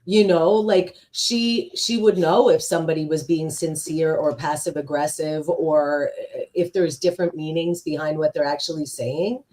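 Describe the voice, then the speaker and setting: A woman's voice: sits low, steady tone, moderate pace, hardly any pauses, dark tone. A woman co-hosting a podcast, thinking things through and offering the other side in casual chat. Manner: thoughtful, sees the other side. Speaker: podcast co-host.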